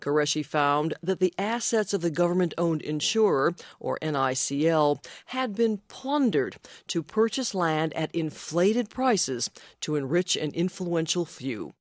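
A woman reporter narrating a radio news story in a measured voice. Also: low-pitched, lively intonation, no room sound, clean studio sound.

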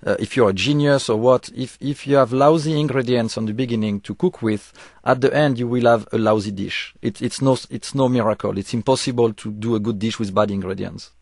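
A man's voice: mid-range voice, a little fast, few pauses, no echo, clean studio sound. A man who is a chef, answering radio interview questions earnestly, explaining with frequent restarts. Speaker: chef, studio guest.

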